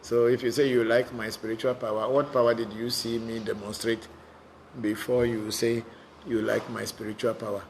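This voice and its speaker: A man's voice: medium pitch, level tone, normal speed, creaky, slight background noise. A man, a spiritual teacher, answering viewer questions in a live online session, talking bluntly and often repeating words as he goes.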